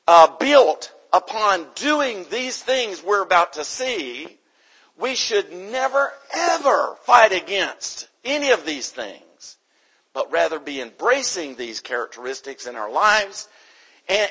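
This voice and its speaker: Male preacher from the US, slow emphatic delivery with a lively rise and fall, fairly high voice. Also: slightly rough, rough recording. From United States. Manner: emphatic, repeats key points. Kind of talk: sermon. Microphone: microphone.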